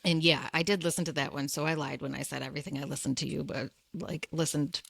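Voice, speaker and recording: A woman hosts a podcast in a loose, chatty way, giggling and restarting her sentences. Her voice sits a little low. The recording is dry and close. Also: steady tone, fast, vocal fry, a bit bright, breathy edge, no room sound. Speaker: podcast host. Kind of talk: casual interview chat.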